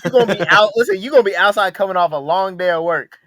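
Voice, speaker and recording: A man co-hosting a podcast in casual chat, telling animated stories and repeating his words as he builds a point. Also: sits high, racing, dry recording, studio quality. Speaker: podcast co-host.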